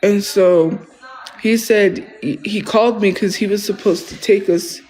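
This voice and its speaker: A man's voice: high voice, fairly even intonation, measured pace, darkish tone, rough recording. A man talking casually on a livestream, rambling and defensive, often restarting his sentences.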